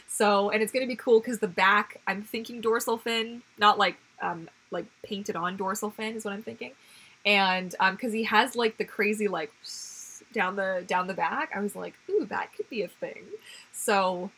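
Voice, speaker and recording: A woman's voice: medium pitch, sharp tone, husky. A woman hosting a casual livestream, chatting with viewers in a rambling way with lots of fillers, restarts and frequent laughs. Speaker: livestream host. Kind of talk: casual live chat with viewers. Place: home.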